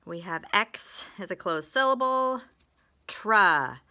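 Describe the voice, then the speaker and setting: A woman's voice: mid-range voice, animated, slow pace, pushed and bright. A woman teaching phonics in a recorded lesson, patient, stretching out example words and sentences.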